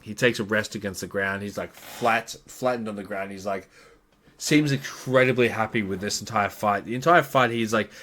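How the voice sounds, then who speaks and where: A man's voice: lowish voice, normal speed, a bit bright. A man acting as game master, casually recapping a tabletop campaign in a rambling way with many fillers.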